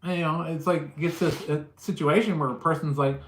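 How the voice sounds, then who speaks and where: Hosting a casual livestream, a man tells stories as an animated storyteller and acts out what people said. His voice is on the high side and brisk with few pauses, and the sound is roomy.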